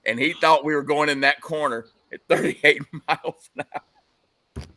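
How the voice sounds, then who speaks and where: Animated storytelling man, bright voice. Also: fairly high pitch, a little slow. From United States. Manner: animated storyteller, laughs while telling. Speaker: guest, motorcycle engine builder. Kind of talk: casual chat.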